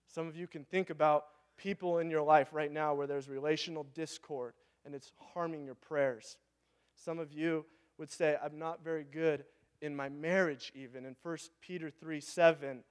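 Preaching a conversational sermon, a pastor in his thirties, whose voice is a little high and whose accent is Pacific Northwest American, asks the congregation questions.

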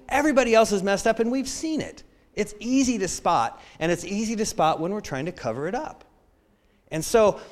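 Preacher, man in his 50s, a touch high-pitched, animated storyteller who acts out the voices in his anecdotes and pokes fun at himself. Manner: animated storytelling, acting out quotes; self-deprecating humor. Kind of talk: sermon.

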